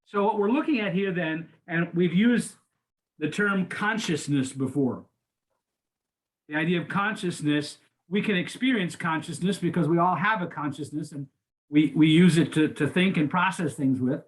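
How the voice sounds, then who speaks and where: A man's voice: fairly high pitch, normal speed. An older man teaching a class, lecturing in an informal way with frequent restarts and repeated words. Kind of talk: conversational lecture.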